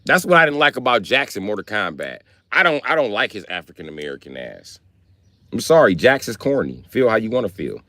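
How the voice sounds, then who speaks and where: Talking a little fast in a fairly low voice, a live streamer launches into a casual, animated rant of profane, slang-heavy comic stories. There's no room sound in the recording.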